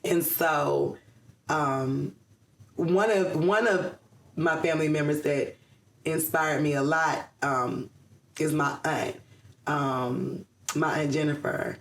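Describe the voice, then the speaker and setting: In an echoey room, a middle-aged woman from around Atlanta, USA, takes her time in a deep voice as a casual interview guest. She fills her speech with ums and laughs frequently.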